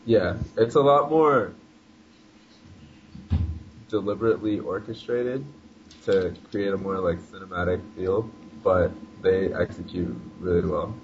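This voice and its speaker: A man's voice: low voice, measured pace. A man guesting on a casual gaming podcast, enthusiastic and describing things at length. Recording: dull lo-fi line with background noise.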